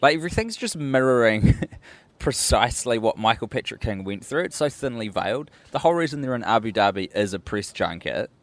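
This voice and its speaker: A man's voice: medium pitch, animated, a little fast. A New man co-hosting a podcast over a remote call, rambling wryly and apologising for his own incoherence. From New Zealand. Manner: wry, self-deprecating rambling. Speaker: podcast co-host. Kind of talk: casual chat. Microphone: remote call, home mic.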